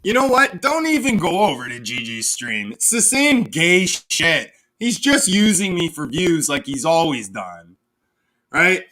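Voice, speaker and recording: A young man streams a loose, profane rant, taunting his rivals and laughing at his own jokes. His voice sits high and bright. It swoops up and down as he scoffs. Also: sing-song, a little slow. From Canada. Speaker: live streamer. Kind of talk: casual ranting livestream chat.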